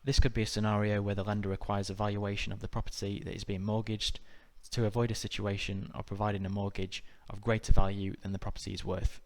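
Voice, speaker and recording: A man narrating a scripted exam-prep lesson in a measured, methodical way. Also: lowish voice. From United Kingdom. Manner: measured, even, methodical delivery. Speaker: exam tutor.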